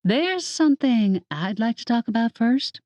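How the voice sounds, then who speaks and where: A woman's voice: a little high, lively intonation, unhurried, darkish tone, dry recording, voice pushed up. Earnest young heroine, voiced by a woman.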